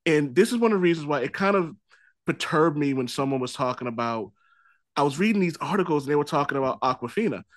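A man's voice: on the high side, animated, fast talker, no echo. Rambling Boston man hosting a podcast. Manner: rambling, loose, swears casually. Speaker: podcast host. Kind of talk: casual podcast chat.

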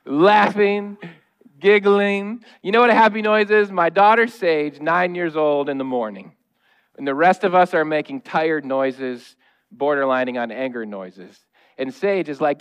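A pastor in his thirties delivers a conversational, humorous sermon in a church sanctuary, acting out noises and quotes. His voice is high, fairly quick, fairly bright, and smooth.

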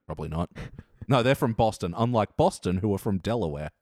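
A man's voice: fairly low pitch, lively intonation, fairly quick, a little mellow, dry recording, studio quality. Playful male podcast host. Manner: playful, bursts into sing-song bits and silly voices. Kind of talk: casual comedic podcast banter.

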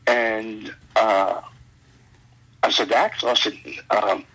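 A man telling a road story as a guest in a casual chat, animated and full of stammered restarts. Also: lowish voice, takes it slowly, husky, rough recording. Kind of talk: casual anecdote.

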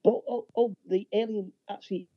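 A man co-hosting a casual chat, recapping a film plot in a halting way with many restarts. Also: high-pitched, steady tone, no room sound, lo-fi sound. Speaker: podcast co-host.

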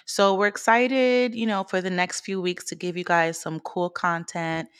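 A woman's voice: on the low side, level tone, unhurried, fairly bright tone, smooth, dry recording, clean studio sound. A young woman co-hosting a podcast in casual chat, laid-back and slangy, laughing easily. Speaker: podcast co-host.

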